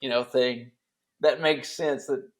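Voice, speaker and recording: A man's voice: medium pitch, fairly even intonation, slow pace. A man in casual podcast chat as a guest, joking and rambling loosely.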